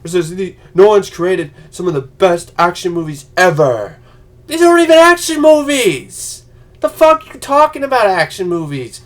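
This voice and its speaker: A man vlogging an angry, profane movie rant, yelling and mocking other people's voices. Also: high voice, very animated, normal speed.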